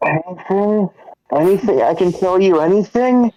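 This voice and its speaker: A man playing a half-starved prisoner who has cracked, his voice sitting high and shrill. He yells, curses and sneers at the one holding him, swinging between raving and sarcastic mockery in a live comedy script read. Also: animated, moderate pace, no room sound, muffled recording. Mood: bewildered. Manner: shouting, cursing, sarcastic. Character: starved unhinged captive man, furious and mocking.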